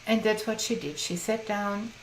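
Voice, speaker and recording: A woman's voice: medium pitch, normal speed. Earnest woman in a roomy echo. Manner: earnest, many restarts, acts out quoted speech. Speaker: guest, teacher of imagination groups. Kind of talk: interview, telling a story. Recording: roomy echo, faint background noise.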